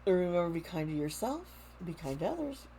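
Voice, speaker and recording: A woman giving a casual tarot reading to camera, talking slowly, with frequent restarts and fillers. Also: lowish voice, very animated, mellow, a little hiss or hum. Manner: slow, halting, with many restarts and fillers. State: close to tears. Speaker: tarot reader.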